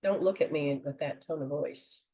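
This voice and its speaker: A woman hosting a call-in show, giving a spiritual reading to a caller in a slow, earnest counseling tone. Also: sits low, warm tone. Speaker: host and metaphysician.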